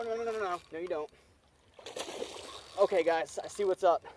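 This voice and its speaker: A young man filming a fishing vlog outdoors by a creek, talking straight to his viewers with excitable energy. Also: high voice, slight background noise. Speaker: wildlife vlogger.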